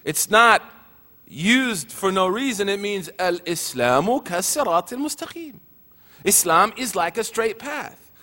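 A man's voice: high voice, expressive, measured pace, sharp tone. A man giving a teaching talk at a religious gathering, mixing joking asides with earnest points, in a hall with a long echo.

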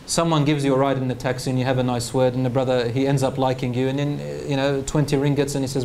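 A man giving a religious talk in English, telling a story in an animated way and mixing in Arabic phrases. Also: medium pitch, fast, few pauses, a little hiss or hum. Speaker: preacher.

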